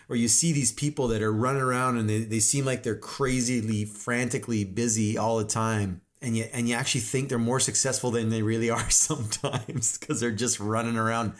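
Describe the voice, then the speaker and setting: A man coaching real estate agents in a motivational monologue, firing off emphatic rhetorical questions. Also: medium pitch.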